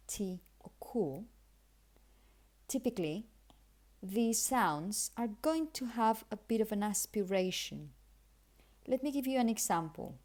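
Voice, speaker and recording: A woman's voice: mid-range voice, a little mellow. A Spanish-accented woman, a native Spanish speaker, teaching English pronunciation with careful explanations and repeated example words. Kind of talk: pronunciation lesson.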